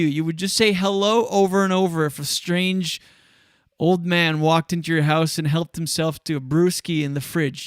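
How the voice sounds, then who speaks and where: A man's voice: fairly high pitch, smooth, no echo, clean studio sound. A male show host in casual solo talk, telling a story with energy and acting out the people in it. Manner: animated storytelling, acts out quotes.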